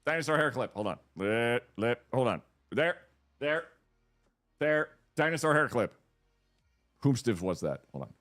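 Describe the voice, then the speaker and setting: A man hosts a live stream in easy, rambling chat, quick to get excited. His pitch swoops up and down a lot. Faint music plays behind him. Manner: rambling, excitable, thanks viewers. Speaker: streamer host.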